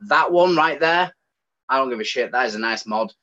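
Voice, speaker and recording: Speaking at a moderate pace and medium pitch, an English-accented guest from the United Kingdom holds a casual chat. He rants in an animated, feeling way, recorded with dull, lo-fi sound.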